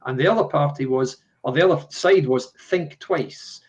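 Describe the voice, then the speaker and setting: A man's voice: a little high, normal speed. A man co-hosting a live political talk show, who explains things and agrees readily. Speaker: co-host.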